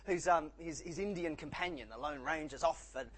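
A man's voice: a little high, normal speed. A middle-aged man giving a sermon, conversational, with many restarts and jokes. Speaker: preacher.

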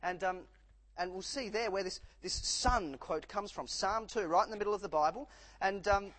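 A man preaching a sermon, emphatic, dropping low and rising again for effect. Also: normal speed, a bit bright, rough recording.

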